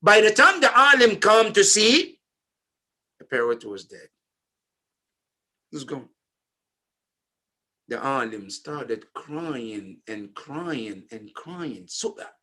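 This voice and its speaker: A man preaching at a slow, deliberate pace, his voice bright and slightly high. He tells a story in sermon style, rising to loud, emphatic phrases and then sinking to hushed, low ones. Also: very animated. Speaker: speaker at a memorial majlis. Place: community center.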